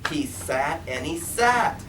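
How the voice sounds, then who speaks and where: Reading a rhyming picture book at a bookstore story time, this young man sounds very animated, with a fairly high pitch, a slow delivery, a sing-song lilt and lots of laughs. The mic is distant, and the room is noisy and echoey.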